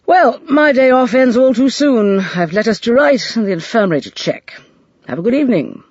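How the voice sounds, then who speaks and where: A narrator voicing a brisk, kindly male doctor in an audiobook. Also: medium pitch, animated, dry recording, muffled recording, pitched above the performer's own voice, lightly acted. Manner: brisk, commanding.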